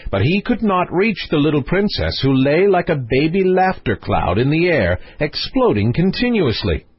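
A man reads a fairy tale aloud with expressive, lilting storytelling. His voice is husky and swings widely in pitch. The audio is dry and dull, like a lo-fi home recording. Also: dry recording. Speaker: audiobook narrator. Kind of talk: scripted narration of a fairy tale.

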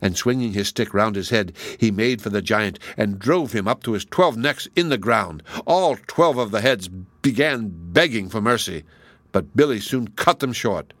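A man narrating an old folk tale aloud in a lively storybook reading. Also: fairly low pitch, normal speed, dry recording.

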